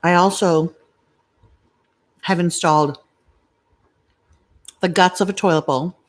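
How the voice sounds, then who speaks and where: A woman's voice: on the low side, fairly even intonation, slow pace. A middle-aged woman vlogging from her home, chatting to viewers with rambling, confiding asides and stories. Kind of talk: chatty live vlog talking to viewers.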